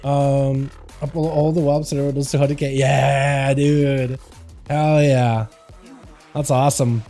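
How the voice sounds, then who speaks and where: A young man casually commenting on his own gameplay during a live stream, chatting with his teammates in a relaxed, talkative way. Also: medium pitch, measured pace, faint music behind. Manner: laid-back, chatty, talks to teammates.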